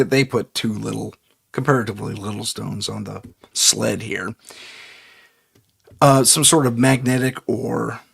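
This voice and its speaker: A man's voice: mid-range voice, creaky, fairly bright tone, breathy edge. A man hosting a live paranormal talk show, rambling casually, correcting himself and chuckling often. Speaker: podcast host.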